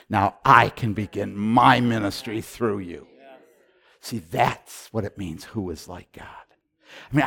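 A middle-aged man preaching a sermon as a pastor, retelling his prayers and moving between hushed and loud delivery, often repeating and restarting his words. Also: mid-range voice. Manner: repetitive restarts and stammers when excited. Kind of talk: sermon storytelling.

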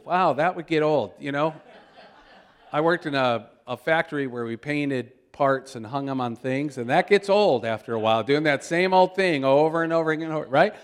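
Lively, slightly high-voiced male preacher. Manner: animated, shouts out quoted exclamations; chuckles while telling stories. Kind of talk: storytelling sermon.

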